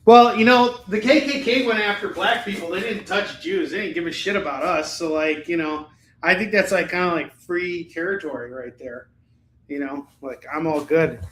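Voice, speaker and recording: A man's voice: sits high, moderate pace, fairly bright tone, a little hiss or hum. A man hosting a live shopping stream, chatting in a joking, profane, rambling way. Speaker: live shopping show host. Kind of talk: casual live-stream sales chat. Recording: roomy echo.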